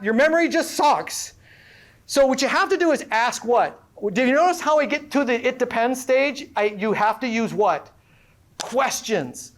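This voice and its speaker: High-pitched, energetic woman presenter. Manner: energetic, playful, quizzing the audience. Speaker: workshop presenter and professor. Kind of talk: interactive workshop talk to a live audience. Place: live event before an audience.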